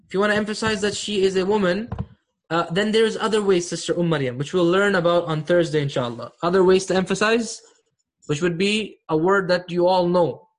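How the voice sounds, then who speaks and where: Man, high voice, grammar teacher, online class lecture, patient, repeats key terms. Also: fairly quick.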